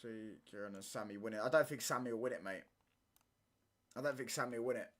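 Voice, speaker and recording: A man's voice: mid-range voice, fast talker, fairly bright tone. A young man, chatting casually through a football watchalong stream in slangy banter, ending lines with "mate" and "bro".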